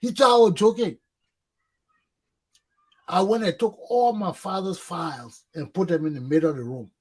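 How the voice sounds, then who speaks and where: Brief: middle-aged man, husky and a little high, chatty storyteller who acts out shouts. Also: moderate pace. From Liberia. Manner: animated, acts out shouted quotes. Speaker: talk show host. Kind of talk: casual storytelling.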